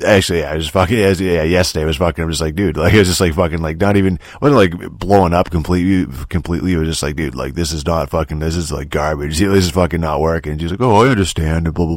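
Grumpy, deep-voiced man ranting in his thirties. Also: dry recording, studio quality. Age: 30s. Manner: grumpy, swearing constantly, halting restarts. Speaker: podcast host. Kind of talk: profane rant monologue.

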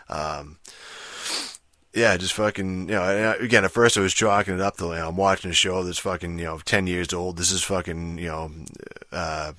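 A man's voice: sits low, pushed and bright, dry recording. A man ranting casually about a TV show, profane and rambling, full of fillers and restarts. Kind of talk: casual rant.

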